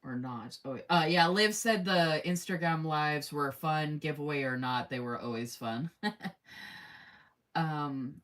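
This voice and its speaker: Running a giveaway on her live stream, this woman speaks in a voice that sits low and moves a little slowly. Her manner is casual, chatty and effusive, full of laughter as she reads out comments from viewers.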